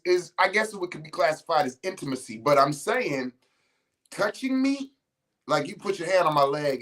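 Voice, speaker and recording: A man's voice: a little high, pushed and bright, rough recording. A man hosting a podcast, talking casually and bluntly to his listeners, swearing freely and stopping to restart his sentences as he tells stories. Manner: blunt, profane and emphatic, storytelling with restarts. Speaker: podcast host.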